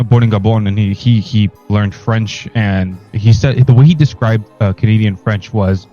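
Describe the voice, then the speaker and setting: A man in a casual podcast chat, halting and stammering as he tells a story. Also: on the low side, warm tone, soft background music. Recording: dull lo-fi mic.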